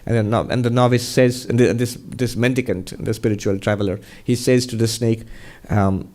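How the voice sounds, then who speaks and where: A monk speaks at an ordinary pitch, answering questions from an audience. He is an animated storyteller in a spiritual talk and laughs often as he goes. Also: brisk, hardly any pauses.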